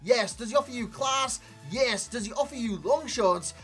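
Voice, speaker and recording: A man giving a chatty, animated video game player review, talking to viewers as lads, recorded as a desk mic voice-over. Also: very high voice, moderate pace, slightly rough, faint music behind. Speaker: gaming YouTuber.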